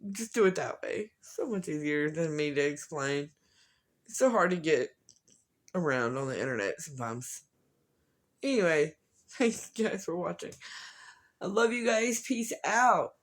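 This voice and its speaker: A woman's voice: lowish voice, lively intonation, measured pace, pauses often. A woman vlogging casually, chatting with her viewers and cooing to her dogs in baby talk. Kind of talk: casual vlog chat.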